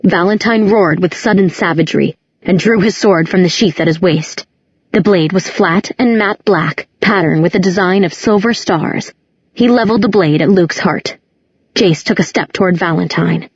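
A woman narrating a novel in a steady, measured reading. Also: on the low side, slightly rough, dry recording. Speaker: audiobook narrator. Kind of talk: scripted narration. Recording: dull, muffled recording.

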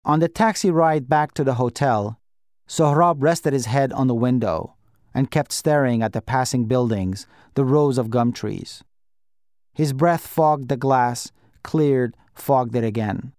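A man narrating an audiobook in a measured, reflective way. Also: medium pitch, a little mellow, no echo, clean studio sound. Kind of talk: scripted narration.

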